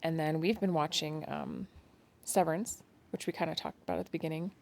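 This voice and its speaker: A woman with a deep, slightly mellow voice, vocal fry and fairly even intonation talks briskly. Co-hosting a podcast from home at night with the children asleep nearby, she chats casually, laughs often and teases herself.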